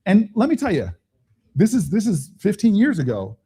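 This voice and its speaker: A man's voice: high voice, big pitch swings, a little fast, warm tone, husky. A middle-aged man, a politician, telling stories in a speech at a town hall, with quoted voices and chuckles.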